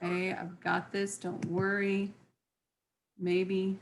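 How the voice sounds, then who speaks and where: A woman's voice: mid-range voice, completely flat delivery, slow, slight background noise. Chatty woman leading a small class. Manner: chatty, acts out sample phrases in different tones. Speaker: class leader. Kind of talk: casual classroom teaching. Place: class session with participants.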